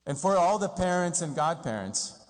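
A man from Brazil giving an earnest, animated homily as a priest at a First Communion Mass. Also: high-pitched, moderate pace. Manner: earnest, animated storytelling with acted-out quotes. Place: church. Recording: long church reverb.

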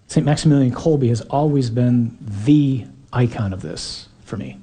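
A man's voice: mid-range voice, unhurried, few pauses, mellow, husky. A man preaching a sermon in an earnest, emphatic way, sometimes acting out quoted voices.

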